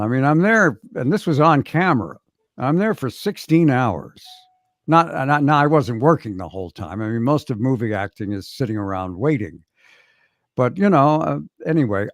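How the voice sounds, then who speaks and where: A man's voice: mid-range voice, no room sound, clean studio sound. A man guesting on a chat show, telling wry, self-deprecating stories about his acting work. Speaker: guest actor. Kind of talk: casual anecdotal chat.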